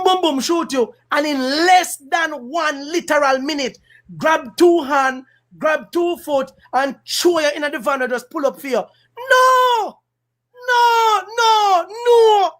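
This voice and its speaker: A Jamaican man hosting a casual political commentary stream, animated and emphatic, switching between patois and standard English, laughing and repeating lines for effect. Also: high-pitched.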